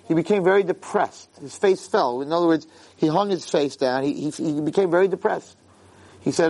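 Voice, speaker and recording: A man teaching a Torah lesson in an animated way, acting out quotes and repeating words for emphasis. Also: on the high side, a little fast, creaky. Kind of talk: Torah lecture.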